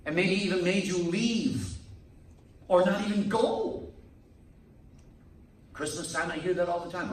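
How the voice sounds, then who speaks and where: A man, a priest, preaching a sermon to a men's group in a lively manner. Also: sits high, a little slow, long pauses, roomy sound, far from the mic, slight background noise, rough recording. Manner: lively preaching, acts out quoted people. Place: meeting room.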